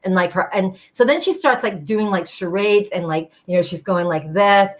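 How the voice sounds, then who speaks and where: A woman's voice: medium pitch, moderate pace. A woman telling a personal story at a live storytelling show, chatty and full of fillers, acting out the voices of the people she quotes.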